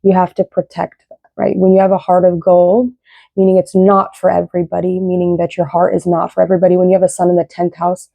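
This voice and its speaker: A young woman reads tarot in a loose, rambling way, checking in with "right?" again and again. Her low voice has a gravelly fry and a dark, mellow tone. It sounds dry and close, with almost no room around it. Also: completely flat delivery, fast, dry recording, dull audio. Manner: rambling, tags sentences with "right?". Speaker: tarot reader. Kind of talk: casual tarot reading.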